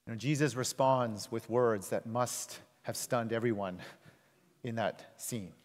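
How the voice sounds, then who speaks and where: A man preaches a sermon in a large hall, his voice sitting at a middling pitch. He pushes phrases up loud and high for emphasis, then sinks to quiet, low endings. A long reverb trails behind every line. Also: slow pace, long pauses. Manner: emphatic, swings between loud rises and soft low drops. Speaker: pastor.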